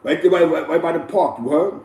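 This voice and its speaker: A man hosting casual street storytelling, talking loosely with slang, repeats and frequent shout-outs. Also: a little high, fairly quick, distant mic. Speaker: host. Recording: echoey room, voice a bit off-mic.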